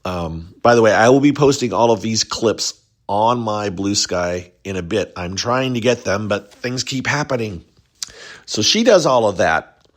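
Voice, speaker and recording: A man's voice: fairly low pitch, expressive, measured pace. A man hosting a casual reality show recap, rambling and chatty, lifting his voice whenever he quotes someone.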